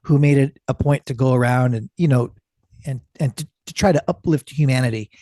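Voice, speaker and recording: A man's voice: mid-range voice, brisk, warm tone, no room sound, clean studio sound. A man speaking as a podcast guest in casual conversation, earnest and emphatic, stacking up phrases.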